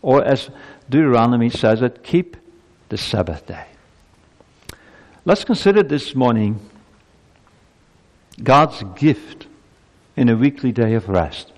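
A man's voice: mid-range voice, lively intonation, measured pace, long pauses, a little mellow, long reverb tail. A male pastor preaching a sermon to his congregation, asking emphatic rhetorical questions. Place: church.

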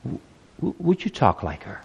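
A man's voice: medium pitch, huge pitch swings, normal speed, creaky, slightly rough, in a large hall, lo-fi sound. A man giving a children's sermon, telling a story with animation and asking the children questions. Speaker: preacher.

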